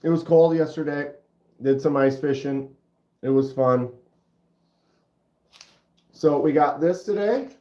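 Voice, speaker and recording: A middle-aged man with a stuffy nose hosting a casual livestream, chatting with viewers in a laid-back, drawn-out way. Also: on the high side, warm tone. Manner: laid-back, drawn-out, says dude and bro. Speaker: livestream host. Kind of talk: casual livestream chat reading comments. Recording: roomy, dull lo-fi sound.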